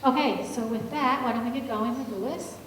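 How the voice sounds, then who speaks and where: A woman's voice: fairly high pitch, fairly quick, a bit bright. A woman moderating a public agency meeting, introducing the panel in a friendly way with many fillers. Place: large public meeting hall. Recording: echoey hall from far off, faint hum.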